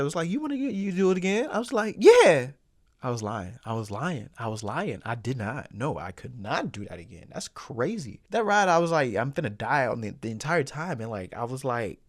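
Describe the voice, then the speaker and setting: A man's voice: mid-range voice, no room sound, studio quality. A young man hosting his own show, telling a personal story casually and repeating phrases for comic effect. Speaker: host.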